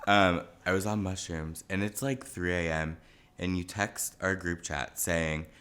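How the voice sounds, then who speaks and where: A man's voice: deep voice, a little slow, fairly bright tone, slight background noise. A man co-hosting a casual podcast, talking in a playful, teasing way. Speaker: podcast co-host. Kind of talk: casual chat.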